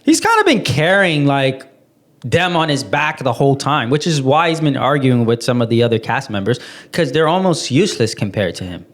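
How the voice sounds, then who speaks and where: A man co-hosting a casual show recap, talking with animated, jokey asides and frequent laughter. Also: mid-range voice, moderate pace. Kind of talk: casual reaction chat.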